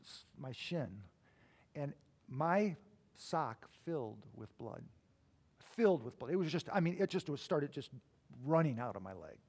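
A middle-aged man preaching a sermon, swinging between loud emphatic bursts and quiet, low asides as he tells stories. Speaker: pastor.

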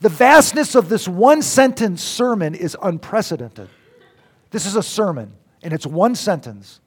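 A middle-aged man preaching a sermon, swinging between loud exclamations and near whispers. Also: high-pitched, very animated, a little slow, slightly rough. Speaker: pastor.

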